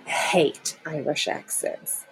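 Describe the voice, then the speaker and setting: A young woman from the Midwest co-hosting a podcast in casual chat, giggly and animated, often gasping and exclaiming. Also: slow pace, rough recording. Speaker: podcast co-host.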